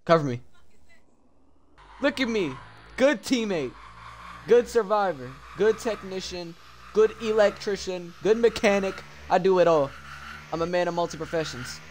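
Animated young man streaming horror. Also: high voice, measured pace, long pauses, a little hiss or hum. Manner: animated, slangy, jumps from mumbles to yelps. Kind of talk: live horror game commentary.

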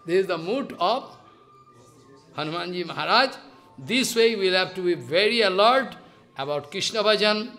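Emphatic high-voiced man lecturing. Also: expressive, normal speed, sharp tone, faint music behind. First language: Bengali. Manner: repetitive, emphatic storytelling with rising questions. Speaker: spiritual lecturer. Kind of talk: devotional lecture.

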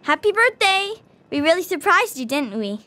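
High-pitched, playful game girl who teases her friend. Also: expressive, normal speed, fairly bright tone. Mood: teasing. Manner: bubbly and teasing. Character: cheerful young girl, the hero's playful friend. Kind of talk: video game dialogue.

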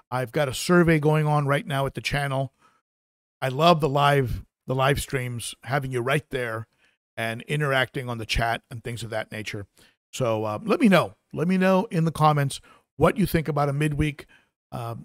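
A man's voice: on the high side, no room sound, clean studio sound. A man hosting a live stream, chatting casually and reading out viewer comments, with lots of fillers and restarts. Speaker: aquarium channel host.

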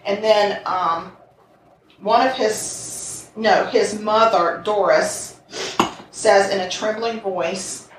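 A woman's voice: mid-range voice, slow. A woman co-hosting a podcast, telling a true crime story in casual chat, reading quotes aloud with sarcastic asides. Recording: echoey room, mic at a distance, faint noise.

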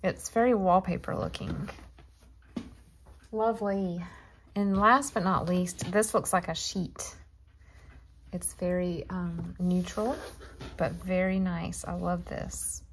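A woman's voice: on the low side, fairly even intonation, slow, long pauses, a little hiss or hum. Gushing woman crafter. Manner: gushing, chatty, addresses viewers as y'all. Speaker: crafting vlogger. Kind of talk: casual show-and-tell chat.

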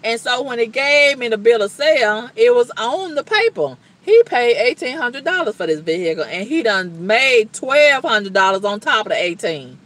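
A woman talks straight to the camera and vents in a long monologue. Her pitch swings widely as she stresses her points. She sounds blunt, exasperated and colloquial, and she repeats her exclamations for effect. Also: fairly bright tone. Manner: colloquial, blunt talk with cussing. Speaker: vlogger.

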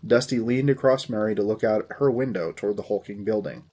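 A man's voice: fairly low pitch, brisk, mellow, breathy edge. A man in his forties hosting a story podcast, reading the narration in a dry, wry manner.

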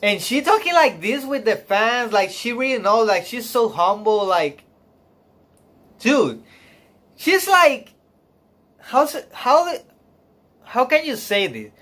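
A man reacting on a live stream, emotional and close to tears, gushing in halting speech full of fillers, sighs and laughs. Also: high voice, big pitch swings, fairly bright tone.

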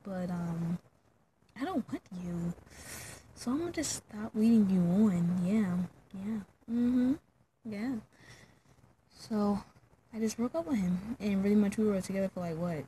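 A woman's voice: medium pitch, expressive, a little slow, long pauses, dark tone, a little hiss or hum, low-quality recording. A woman vlogger telling a story in a casual, slangy, chatty way, full of fillers, straight to her viewers.

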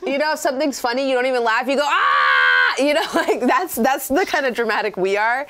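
Socal woman chatting while painting minis, kinda high voice, swears a lot, acts stuff out. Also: fast talker. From Southern California. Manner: animated, swears freely, acts out quoted voices. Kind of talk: casual chat while painting miniatures.

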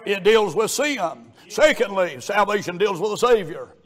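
A man preaching a revival sermon, fervent and building to shouts. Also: high-pitched, expressive, moderate pace.

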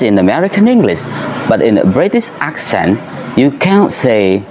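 A man giving an English pronunciation lesson, talking slowly and carefully and drawing out the vowel sounds for practice. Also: mid-range voice, wildly swooping pitch, noisy background. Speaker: pronunciation teacher.

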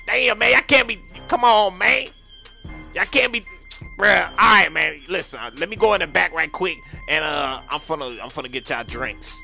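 A man's voice: high-pitched, expressive, normal speed, gravelly, bright, forceful tone, soft background music. A man stammering nervously in slang during a casual game roleplay.

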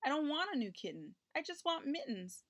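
A woman voicing an eager little boy in a storybook read-aloud, with a high pleading manner. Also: fast, fairly bright tone. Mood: miserable. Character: small eager boy, tearful then joyful.

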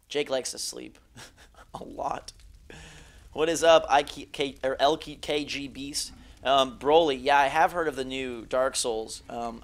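A slightly hoarse man doing live game commentary on a headset mic, yelping at snakes on screen and joking with viewers. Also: a little high, a bit bright. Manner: jumpy, yelps and jokes at on-screen snakes, chats with viewers. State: slightly hoarse, under the weather. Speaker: gaming streamer. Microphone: gaming headset.

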